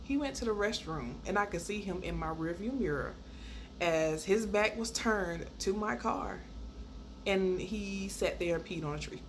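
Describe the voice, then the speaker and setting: A woman tells a personal story unhurriedly, casual and animated, laughing along the way. Her voice leaps high when she acts out quotes, with faint background noise in the recording.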